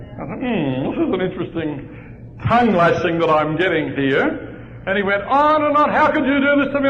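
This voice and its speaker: A male pastor telling a humorous personal story during a sermon, in a lively storytelling manner. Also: on the high side, a little hiss or hum. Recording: dull lo-fi recording in a large reverberant hall.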